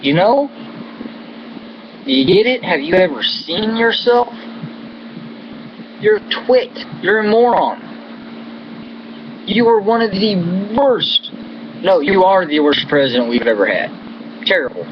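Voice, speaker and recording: Pausing often and speaking a little slowly, an American vlogger with a high voice and big pitch swings unleashes a profane, angry political rant full of contempt and insults. Air-conditioning hum sits beneath the dull lo-fi recording.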